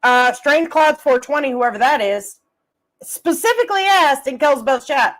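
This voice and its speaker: A woman's voice: high voice, animated, normal speed, fairly bright tone, poor audio. A woman streamer giving a heated, profane, confrontational rant full of rhetorical questions. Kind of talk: angry drama commentary rant.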